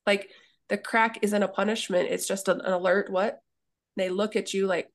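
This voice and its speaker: Female dog trainer, gravelly timbre, earnest and chatty. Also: medium pitch, flat delivery. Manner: earnest, acts out dogs and owners in quick asides. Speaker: dog trainer and daycare owner. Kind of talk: casual interview talk.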